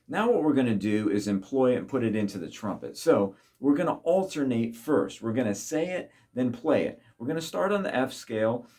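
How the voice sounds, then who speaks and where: A man's voice: fairly low pitch, mellow. A man teaching trumpet, patiently explaining and speaking tonguing syllables aloud for the viewer to repeat. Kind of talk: instructional talk to camera.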